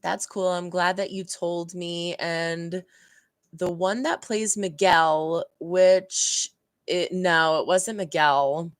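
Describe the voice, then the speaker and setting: A woman's voice: fairly low pitch, fairly even intonation, slow, no room sound, studio quality. A young woman hosting a reaction channel, chatting casually and rambling about a TV episode, laughing often and acting out heated lines.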